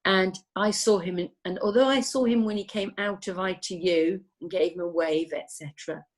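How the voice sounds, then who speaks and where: A woman's voice: fairly low pitch, a little mellow. A woman nurse in casual conversation, telling anecdotes in a chatty, rambling way. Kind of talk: casual chat.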